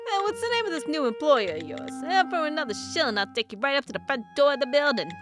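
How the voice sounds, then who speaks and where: A woman's voice: sits high, very animated, fast, over music, voice pushed up. A woman voicing a chatty, nosy older male taxi driver in a put-on New York accent. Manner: talkative, pushy, folksy.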